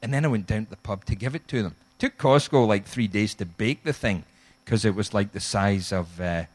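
A middle-aged man preaching a sermon, telling a humorous story with animated, acted-out quotes. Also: fairly low pitch, moderate pace, husky. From Scotland. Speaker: guest pastor.

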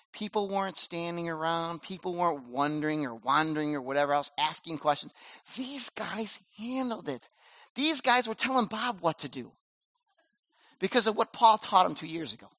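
A man preaching a sermon as pastor, animated and conversational, with casual slang. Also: a little high, normal speed, no room sound.

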